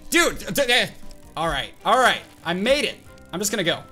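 Male gaming host, bright tense voice, wildly swinging pitch, excitable running commentary over faint game music. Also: moderate pace. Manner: excitable, reactive, bursts into yelps and shouts. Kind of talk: live gameplay commentary.

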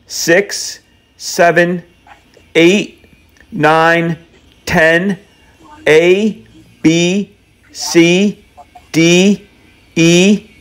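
A man making a prank phone call, rambling on with absurd lists in a deadpan, playful way. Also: high-pitched, clean tone. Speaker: prank caller.

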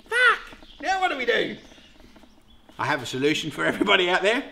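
High-voiced aussie bloke, jokey and excitable, swears a lot, voice bounces all over. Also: male voice, fast talker, gravelly, noisy background. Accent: Australian. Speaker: beekeeper host. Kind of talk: casual vlog chat.

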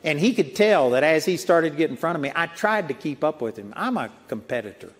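A man's voice: on the high side, lively intonation, brisk. A man preaching a sermon in a folksy storytelling way, chuckling at his own anecdotes. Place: large auditorium. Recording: long auditorium reverb.

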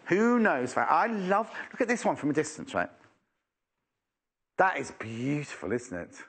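A man's voice: a little high, huge pitch swings, measured pace, creaky, a bit bright, husky. A man presenting a live shopping channel in a chatty, teasing way, full of exclamations.

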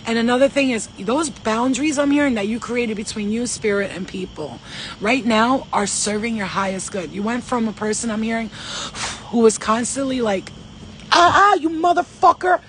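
A woman's voice: on the high side, moderate pace, a little hiss or hum. Rambling profane woman medium. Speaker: spiritual medium. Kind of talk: casual spiritual channeling vlog.

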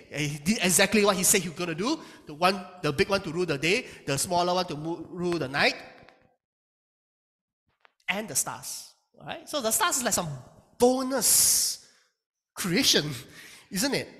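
A Bible teacher lectures with a lively, swinging delivery, voice climbing and dropping from phrase to phrase. The tone is bright and forward as they press points home with rhetorical questions. A long reverb tail hangs on every word. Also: medium pitch. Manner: emphatic, asks rhetorical questions with tag questions.

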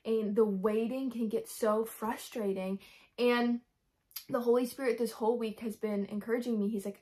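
A woman's voice: on the high side, fairly even intonation, a little slow, darkish tone. A young woman talking candidly in a devotional vlog, earnest and rambling, acting out her own prayers as she speaks. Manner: earnest, rambling, full of fillers and quoted prayers. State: frustrated but hopeful. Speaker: Christian vlogger.

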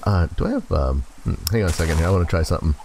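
Racing along in a low voice with lively intonation, this man chats to in-game animals and laughs a lot as he plays. He's a gaming host doing relaxed let's play commentary, and there's noise in the background.

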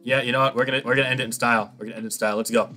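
A man's voice: mid-range voice, steady tone, rapid-fire, bright, forceful tone, faint music behind. A young man giving casual, cocky commentary on his online game, teasing his opponent and laughing often. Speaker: gaming YouTuber.

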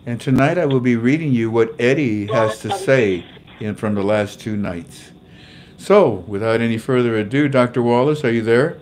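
An older man hosts a casual livestream in a mid-pitched voice. He sounds jovial and chatty, greets viewers one by one and chuckles at his own jokes. A faint hum sits behind him. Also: normal speed, a little mellow. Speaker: livestream host. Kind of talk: casual livestream chat and prayer.

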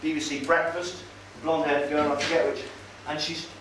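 This man's slightly high, fairly bright voice holds a level tone at normal speed with few pauses. Speaking to a meeting-hall audience, he sounds conversational and sardonic, hesitating with fillers, while the distant mic catches the roomy hall and faint noise.

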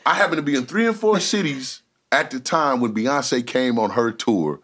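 Male guest, mid pitch with lively swings, blunt and slangy, emphatic. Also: moderate pace. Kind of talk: casual opinionated chat. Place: recording studio.

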